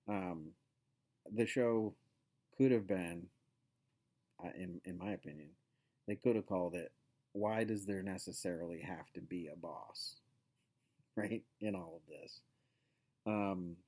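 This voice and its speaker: A man's voice: sits low, a little mellow. A man hosting a casual show, talking through a sitcom episode in a loose, rambling way full of fillers and asides. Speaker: podcast host.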